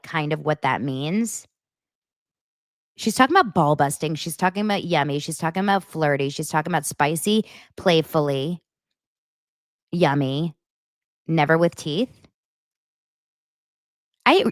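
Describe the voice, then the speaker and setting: Incredulous woman host, lower voice. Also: no echo, clean studio sound. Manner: incredulous, laughing, expressive. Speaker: commentary show host. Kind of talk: live commentary reading texts.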